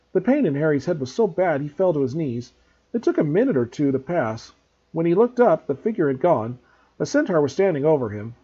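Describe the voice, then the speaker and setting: A man, a teacher, reading a novel aloud for his students in an expressive storytelling way, on a dull lo-fi recording. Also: on the high side, husky.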